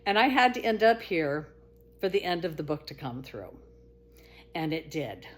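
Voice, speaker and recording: A middle-aged woman narrating her life story as a casual monologue. Her voice leaps up into sharp exclaimed quotes and sinks into quiet low asides. She laughs easily while she tells it. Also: moderate pace, a little hiss or hum. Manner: animated, swings to high exclaimed quotes and drops to low murmurs.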